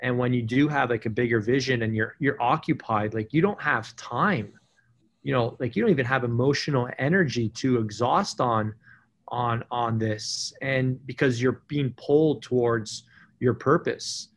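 A man's voice: mid-range voice, normal speed. A man in an ordinary mid-range voice hosts a podcast interview. He builds long, wandering questions, full of filler words and false starts. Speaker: podcast host.

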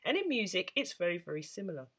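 A woman's voice: fairly low pitch, sing-song, fast, a bit bright. A woman teaching beginners the saxophone, patient and encouraging as she explains step by step. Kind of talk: instructional talk to camera.

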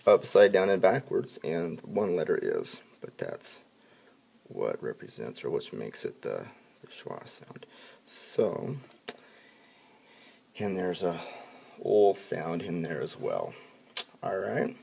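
A man teaching a spelling lesson to students, upbeat when addressing the class and dropping to quiet asides while he writes. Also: fairly low pitch, gravelly, breathy edge. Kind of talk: classroom instruction video.

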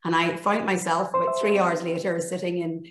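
A Northern Irish woman in her fifties, a journalist telling an animated anecdote on a panel. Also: fairly low pitch, moderate pace, over loud music. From Northern Ireland. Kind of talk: storytelling on a panel. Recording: roomy echo.

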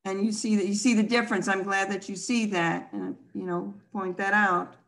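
A woman's voice: medium pitch, level tone, moderate pace, vocal fry, a bit bright. Patient woman teaching a class. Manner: patient, explaining step by step. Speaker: language teacher. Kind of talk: online language class.

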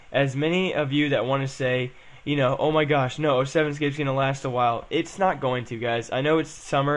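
A young man chatting casually as he plays and comments on a game, rambling and saying "um" and "guys" a lot. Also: mid-range voice. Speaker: gaming channel host.

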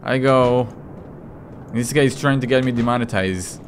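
A man's voice: medium pitch, unhurried, slight background noise. A man doing let's play commentary, joking and reading in-game lines aloud with sudden outbursts. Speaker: gaming commentator.

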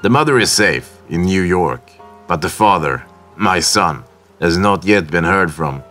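A man's voice: low-pitched, lively intonation, normal speed, pushed and bright, soft background music. A man voicing an emotional wealthy grandfather. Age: older. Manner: earnest, emotional old-fashioned speech. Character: elderly grieving grandfather, wealthy gentleman.

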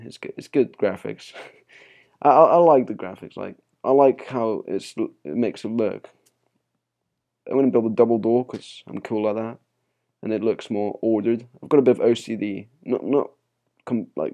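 A man's voice: fairly low pitch, mellow. A young man with a Spanish accent, chatting casually with many fillers while playing a game on his channel. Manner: rambling and chatty, with many fillers and small laughs. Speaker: gaming channel host. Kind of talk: casual gameplay commentary.

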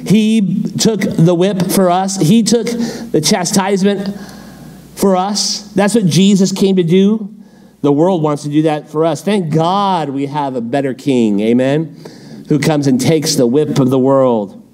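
A male pastor teaching a midweek Bible study, animated, firing off rhetorical questions and quips. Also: fairly high pitch, a little slow.

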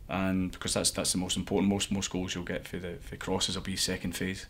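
Male coach, low husky voice, earnest and searching in interview. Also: completely flat delivery, a little fast, fairly bright tone. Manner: earnest, thinking aloud with restarts. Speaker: assistant head coach. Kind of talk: interview answers.

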